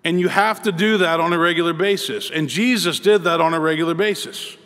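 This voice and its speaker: A man preaching a sermon as pastor, earnest and measured, with pauses between phrases. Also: a little high, fairly bright tone. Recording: long reverb in a large hall.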